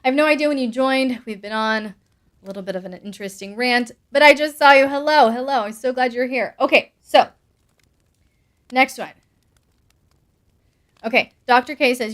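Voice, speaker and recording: A woman's voice: high voice, normal speed, long pauses, fairly bright tone. A young adult woman hosting a live stream, reading viewer comments aloud with bubbly asides and frequent laughs. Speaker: host answering patron questions.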